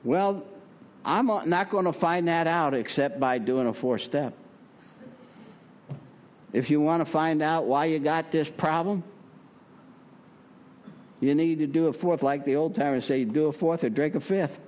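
A man's voice: a little high, a little slow, long pauses, a little mellow. An older man sharing his story at a recovery meeting, talking in a folksy way with many fillers, his voice rising when he preaches. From Prescott, Arizona. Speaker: recovery speaker.

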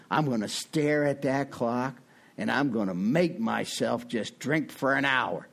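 A middle-aged man telling his own recovery story in a meeting, self-mocking, with sudden loud high bursts. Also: vocal fry. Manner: self-mocking, laughs at himself. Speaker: recovering alcoholic speaker.

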